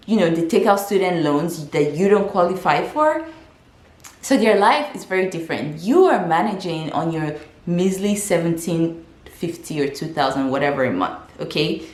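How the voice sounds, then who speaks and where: A woman's voice: fairly low pitch, a little mellow. Chatty young woman from Africa, echoey room. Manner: frank, chatty, lots of fillers and restarts. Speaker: vlogger. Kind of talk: casual advice vlog.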